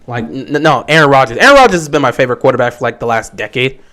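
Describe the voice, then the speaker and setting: A man hosts a casual sports fan livestream, speaking rapid-fire in an animated, medium-pitched, fairly bright voice. He's opinionated and emphatic, repeating his points and answering questions from viewers.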